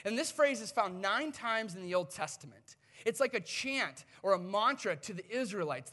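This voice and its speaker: A man in his thirties delivers a sermon in a high, bright voice. He tells stories with animated shifts, falling to near-whispers and climbing back to loud emphasis. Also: normal speed, few pauses. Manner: storytelling, swings from hushed to loud. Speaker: pastor.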